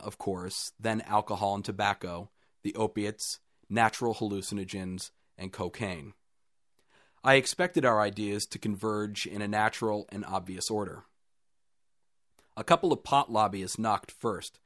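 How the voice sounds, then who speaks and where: A man reading a first-person short story aloud in a calm, even storytelling manner with dry understatement. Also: lowish voice, dry recording. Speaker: story reader.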